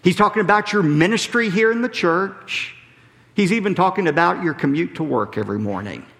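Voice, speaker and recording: Male pastor, lively sermon delivery, slightly high voice, long church reverb. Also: creaky. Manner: emphatic preaching, drops low and slow on key phrases. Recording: preached in a large hall with long reverb.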